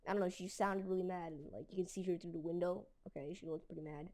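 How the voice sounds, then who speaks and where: A woman's voice: lowish voice, steady tone, quick pace, warm tone. A woman telling a story casually, rambling with lots of fillers and mild slang. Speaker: storytelling video creator.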